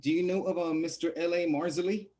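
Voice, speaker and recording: A man's voice: a little high, fairly even intonation, fast, dark tone. A man hosting a casual interview, polite and deferential with his guest. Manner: polite, says "yes, sir" often. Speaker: host, interviewer.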